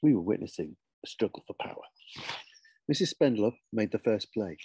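A man, an author, reading his children's story aloud with lively, expressive storytelling. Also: fairly low pitch, normal speed, slightly rough, no room sound.

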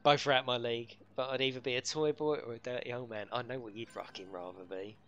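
A man's voice: mid-range voice, fairly even intonation, quick pace, fairly bright tone, lo-fi sound. A middle-aged man, live-streaming a racing game and bantering and swearing with his chat. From United Kingdom.

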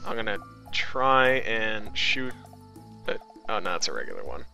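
A man's voice: fairly low pitch, sing-song, moderate pace, creaky, pushed and bright, faint music behind. A man playing a video game with friends in casual chat, laid-back and exclaiming at his shots. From Canada. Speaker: gamer. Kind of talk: casual let's-play chat.

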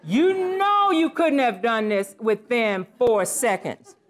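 Animated woman presenting with flair. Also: a little high, slow. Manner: animated, playful, exclamatory. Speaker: conference presenter. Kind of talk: live conference presentation. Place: conference session room.

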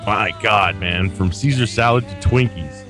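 A man's voice: fairly low pitch, moderate pace, pushed and bright, soft background music. A middle-aged man co-hosting a podcast over Skype, chatting casually, hesitant with many fillers and restarts. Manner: hesitant, lots of uh and restarts, laughs often. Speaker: podcast co-host. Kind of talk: casual chat. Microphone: talking over Skype.

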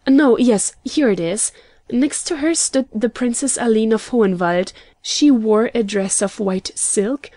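A woman reading the part of a lively young lady who speaks breathlessly and teases mockingly, in a storybook. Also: fairly high pitch, no room sound.

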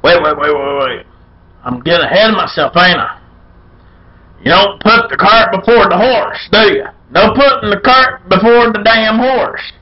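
Folksy man, high voice. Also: moderate pace, lo-fi sound. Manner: loud, folksy and irreverent, with playful chants. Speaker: beer review show host. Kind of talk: casual beer review vlog.

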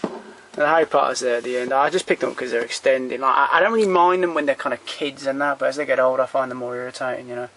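A man with a gravelly, creaky edge to a mid-pitched voice gives a loose, unscripted walkthrough of his home film shelves. He is blunt and opinionated and swears without a second thought. He often stops and trails off between titles, with a faint hiss under the handheld camera's sound. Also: quick pace, a bit bright. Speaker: collector showing his film collection. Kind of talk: casual rambling walkthrough.

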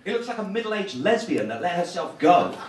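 Brash English stand-up comic, high voice. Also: male voice, sing-song, heavy background noise. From England. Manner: brash, mocking, quick crowd banter. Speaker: stand-up comedian. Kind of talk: live stand-up comedy set. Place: comedy show room. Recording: echoey room from far off, crowd laughter.

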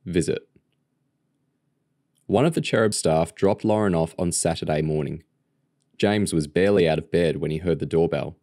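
A man reading a novel aloud as a narrator, in a measured, expressive storytelling manner. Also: sits low, no room sound, studio quality. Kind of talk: audiobook narration.

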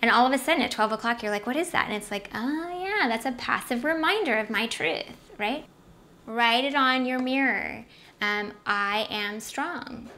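A woman's voice: fairly high pitch, normal speed, pushed and bright. A woman hosting a self-help video series, giving an upbeat motivational talk to the camera and often checking in with "right?".

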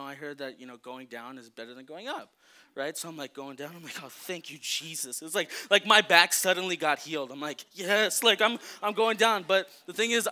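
A young man preaches in a loose, joking storytelling style, full of "like" and "right?". His voice is high and very bright, with a sharp edge. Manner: casual and joking, lots of fillers. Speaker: youth preacher. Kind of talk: storytelling sermon.

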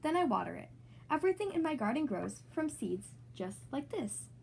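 A woman's voice: high-pitched, very animated, moderate pace, vocal fry, a little mellow, a little hiss or hum, heavily acted. A woman voicing a kindly, patient grandfather pig in a storybook read-aloud. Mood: explaining.

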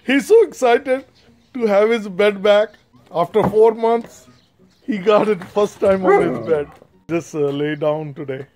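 A man's voice: high-pitched, measured pace, a little mellow, slight background noise. A man filming his dogs at home, narrating casually and coaxing his dog fondly.

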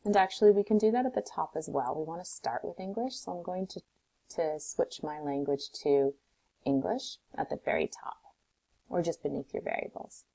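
A woman teacher calmly walking through a coding tutorial step by step, recorded on a desktop mic. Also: lowish voice, normal speed, creaky, slightly rough, low-quality recording. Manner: calm, step-by-step instructions.

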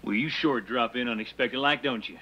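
An actor playing a wary moonshiner, dry and guarded, in a film. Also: male voice, mid-range voice, a little fast, dull audio, faint music behind, lightly acted.

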